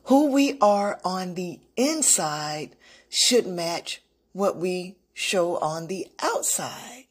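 A woman speaks in a slightly low voice, sharing a personal story in an earnest, unscripted way. She pauses and restarts often as she thinks aloud. Her tone is reflective and direct. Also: lively intonation, husky. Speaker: motivational vlogger.

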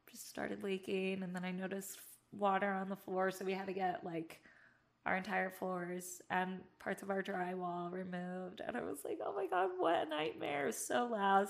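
Giggly, gravelly-voiced woman telling stories. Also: mid-range voice. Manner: animated, laughs often, acts out her own past lines. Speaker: podcast guest. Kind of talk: casual storytelling chat.

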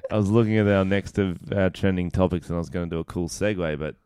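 A man's voice: low-pitched, quick pace, mellow, smooth, no room sound, clean studio sound. A young man co-hosting a podcast in casual chat, rambling and giggly as he tells stories. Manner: rambling, giggly, loose storytelling. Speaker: podcast co-host.

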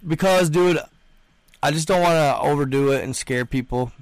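Young dude livestreaming, slangy and insistent, reading chat into a dry close mic. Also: male voice, on the high side, normal speed, smooth, no echo. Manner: emphatic, repeats himself, slangy. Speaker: livestream host.

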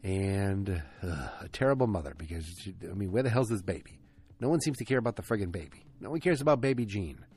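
Low, husky-voiced man recapping a show casually, opinionated and prone to tangents. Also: animated, fairly quick, darkish tone. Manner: ranting, swears, goes off on tangents. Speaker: TV episode recapper.

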